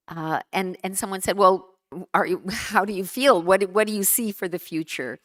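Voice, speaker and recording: A woman giving an earnest keynote speech at a conference, measured and emphatic, repeating words for weight. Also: mid-range voice. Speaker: keynote speaker. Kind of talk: formal speech. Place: conference hall.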